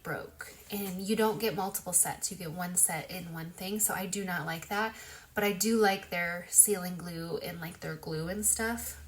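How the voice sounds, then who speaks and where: A woman's voice: lowish voice, a little hiss or hum. Chatty woman giving a lash tutorial. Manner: chatty, loose, full of "like" and "um". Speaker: beauty vlogger. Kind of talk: casual makeup tutorial.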